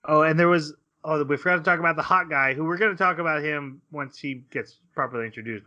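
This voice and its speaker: Man, podcast co-host, bright tone, casual chat, animated recap. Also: medium pitch, muffled recording.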